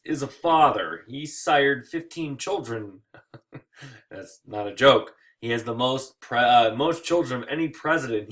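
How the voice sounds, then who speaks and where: Tired, wisecracking teacher, mid-pitched man, talking over lecture slides. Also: fairly bright tone. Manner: joking, acts out quick voices. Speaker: history teacher.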